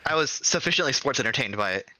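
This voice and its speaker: A man's voice: medium pitch, animated, fast, pushed and bright, dry recording, poor audio. A man co-hosting a wrestling podcast, making blunt, wry, profane remarks in casual chat. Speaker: podcast co-host.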